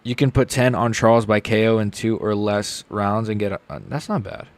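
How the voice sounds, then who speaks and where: A young man streaming a live reaction to fights, chatting casually and getting loud and excited when something big happens. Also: normal speed, no room sound. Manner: casual, excitable, shouts with rising pitch at big moments.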